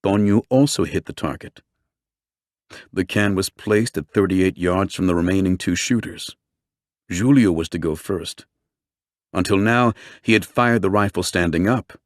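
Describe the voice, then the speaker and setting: A man narrating a true-crime book in a steady, measured storytelling voice. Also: deep voice, no room sound, studio quality. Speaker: audiobook narrator. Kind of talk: scripted narration.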